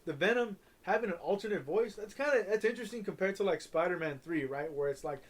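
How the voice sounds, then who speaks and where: Young male podcast co-host, high voice, rambling and profane. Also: expressive. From Southern California. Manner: rambling, profane, halting restarts. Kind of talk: casual chat.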